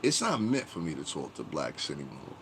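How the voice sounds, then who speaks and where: Deep-voiced, blunt ranting man. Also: huge pitch swings, a little fast, a little hiss or hum. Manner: blunt, profane and rambling, with many fillers. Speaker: livestream host talking to his chat. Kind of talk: casual livestream rant.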